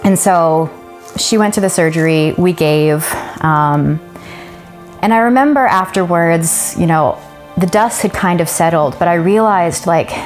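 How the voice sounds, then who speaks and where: Woman in her thirties, lowish voice, earnest church testimony over faint music. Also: measured pace. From Canada. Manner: earnest, emotional storytelling. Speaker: church member giving a testimony. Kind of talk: personal testimony.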